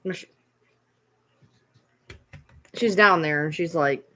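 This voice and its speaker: A woman's voice: fairly low pitch, very slow, a bit bright. A woman vlogging casually at home, playfully scolding her dogs in a baby-talk tone. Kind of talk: casual vlog chat.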